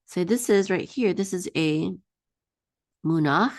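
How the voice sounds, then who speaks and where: A patient woman leads a one-on-one Hebrew reading lesson at an unhurried pace. She draws each word out in a sung tone so her student can repeat it. Her voice sounds dry and close, with no room echo. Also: fairly low pitch, a little mellow. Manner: patient, sings out each word slowly for repetition. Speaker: Hebrew teacher.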